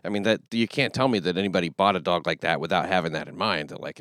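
A man hosting a casual podcast chat, talking with wry humor and quick stammering restarts. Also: deep voice, a bit bright, no echo, studio quality.

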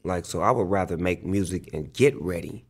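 Gravelly-voiced man telling loose stories. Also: low-pitched, moderate pace, a little mellow. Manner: loose, profane, filler-heavy storytelling with frequent "like". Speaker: rapper, interview guest. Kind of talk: casual interview storytelling.

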